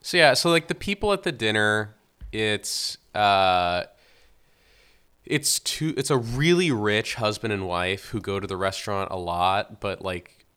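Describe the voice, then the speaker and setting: A young man co-hosting a podcast, casually recapping a film plot in a relaxed, filler-heavy way. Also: lowish voice, a little slow, smooth. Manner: relaxed storytelling, many fillers. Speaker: podcast co-host. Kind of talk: casual film review chat.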